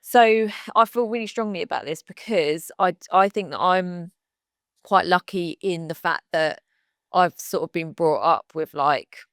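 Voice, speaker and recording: A woman in her thirties co-hosting a podcast, speaking frankly and with heartfelt conviction. Her voice sits a little low and is recorded dry and close. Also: unhurried, a bit bright, no echo. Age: 30s. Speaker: podcast co-host. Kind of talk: casual chat.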